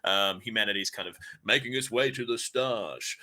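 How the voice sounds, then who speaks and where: A man's voice: fairly low pitch, moderate pace, sharp tone. A man co-hosting a casual gaming chat show, rambling with lots of fillers and swearing. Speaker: podcast co-host.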